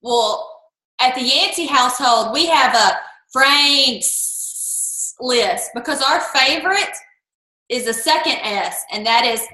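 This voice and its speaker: High bright woman storyteller. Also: slow pace. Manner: animated, acts out quoted voices. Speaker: guest speaker. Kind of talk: lively anecdotal talk. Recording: roomy echo.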